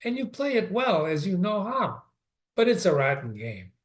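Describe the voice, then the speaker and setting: A man reading the lines of a guarded, weary young woman nurse, lifting his voice slightly higher and softer than his narration. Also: sing-song, normal speed. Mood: wistful.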